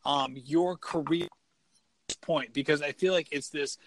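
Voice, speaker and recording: A man hosting a podcast, asking questions in a relaxed, chatty way. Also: fairly high pitch, unhurried. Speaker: podcast host. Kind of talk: casual interview.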